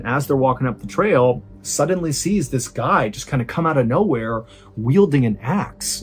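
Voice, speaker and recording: Suspenseful male true-story narrator. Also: mid-range voice. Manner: suspenseful, conversational narration with slow emphatic beats. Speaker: storyteller host.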